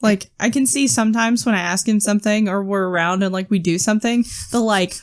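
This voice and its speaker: A woman co-hosting a podcast in casual chat, mostly agreeing with short affirmations and adding quick stories. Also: medium pitch. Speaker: podcast co-host.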